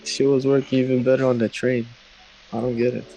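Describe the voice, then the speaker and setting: A man's voice: mid-range voice, flat delivery, a little fast, dark tone, faint music behind, rough recording. A young man calling in to a livestream, chatting in a laid-back, joking way and saying "bro" a lot. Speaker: guest calling in. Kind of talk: casual chat. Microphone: online call.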